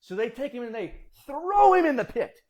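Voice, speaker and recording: A man casually telling Bible stories, animated and acting out voices. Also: extremely high pitch, moderate pace. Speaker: storyteller.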